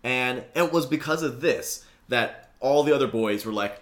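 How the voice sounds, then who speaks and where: A woman's voice: rumbling low, normal speed. A woman co-hosting a podcast, steadily walking through a movie plot in casual chat. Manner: steady, guides the recap step by step. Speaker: podcast co-host.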